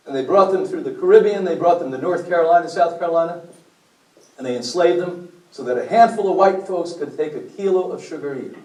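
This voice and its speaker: A man with a high voice lectures a group, blunt and preachy, putting questions to his listeners. He is heard from a distance in an echoey meeting room. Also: animated, brisk, a little mellow. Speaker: speaker at a health meeting.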